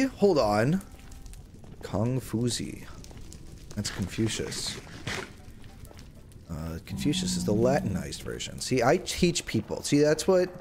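Slow, rambling streamer guy. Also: mid-range voice, darkish tone. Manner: rambling, jokey, talking to chat while playing. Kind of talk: casual live-stream gaming chat.

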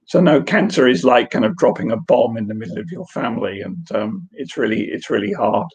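A man's voice: medium pitch, animated, brisk, a little mellow, slightly rough. A man giving an earnest personal testimony in an online question session, telling a story with light laughs, heard over a video call. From England. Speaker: guest speaker.

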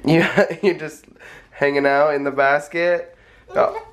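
Vlogging his family's beach trip, a man chats to the camera in a playful, laugh-filled way, moving between the beach house and the beach outdoors. His voice is on the high side, slow, clear and resonant, and the outdoor recording is noisy.

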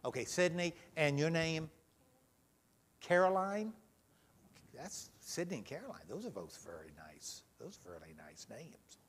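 A man leading a children's talk in church, gentle and full of questions. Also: on the high side, big pitch swings, measured pace, breathy edge. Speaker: pastor leading a children's message. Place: church sanctuary.

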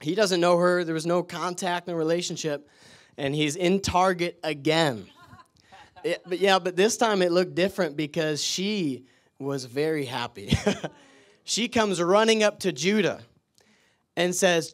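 A man preaching in church, telling excited stories with frequent laughter and then praying over the people. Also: high-pitched, unhurried. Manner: laughs often, excited storytelling. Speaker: guest preacher. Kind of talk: sermon storytelling and prayer.

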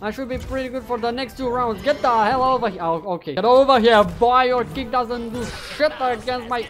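A man commentating his own gameplay who swears often, taunts his opponents and bursts into yelling. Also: extremely high pitch, fairly quick. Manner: bursts into loud yelling when winning or losing. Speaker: gaming YouTuber.

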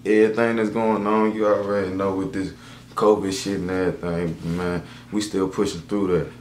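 A man's voice: low-pitched, level tone, normal speed, darkish tone, a little hiss or hum. A man giving a casual, slangy, profane and motivational vlog monologue about starting a business. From the Carolinas. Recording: echoey room with faint ambience.

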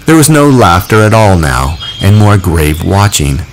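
A man reads a novel aloud in a low voice, measured yet expressive. His pitch moves widely to shape the story. Faint birdsong and crickets drift under the narration. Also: slight background noise, low-quality recording. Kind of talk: audiobook reading.

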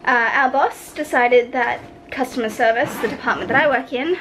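A woman's voice: on the high side, normal speed, background noise. A woman vlogging from her apartment, talking in a candid, rambling way and swearing freely. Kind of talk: casual vlog chat to camera. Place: at home in an apartment.

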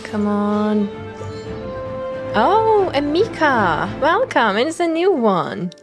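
A young woman streamer giving excitable commentary on her game pulls, pleading and squealing as the results come in. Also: on the high side, slow, music in the background. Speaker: gaming content creator. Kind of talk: excited gacha-pull commentary.

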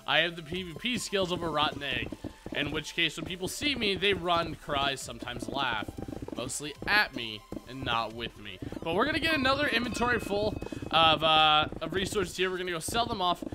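A man's voice: a little high, expressive, moderate pace, over music. A young man rambling through Minecraft commentary as a gaming YouTuber, full of self-mocking jokes. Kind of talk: casual Minecraft let's play commentary.

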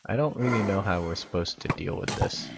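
A man giving casual, excitable and rambling commentary while playing a video game. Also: low-pitched, a little fast, vocal fry, heavy background noise. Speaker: gaming YouTuber.

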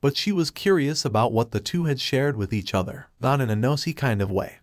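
Male narrator for a fan fiction reading, steady and even, mid-pitched, dry close sound. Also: fairly quick, no room sound.

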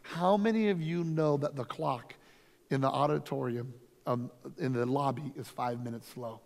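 A man's voice: mid-range voice, moderate pace, creaky. Reverberant, storytelling male pastor. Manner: storytelling, energetic, emphatic. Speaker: lead pastor. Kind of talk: conference workshop teaching. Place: conference workshop room. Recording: long reverb from a hall.

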